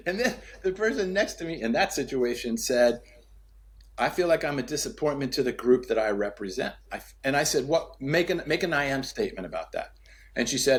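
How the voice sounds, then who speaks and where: A man telling a story as a podcast guest, acting out the dialogue with sweeping pitch and repeating key phrases for emphasis. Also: lively intonation, a little fast. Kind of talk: storytelling in conversation.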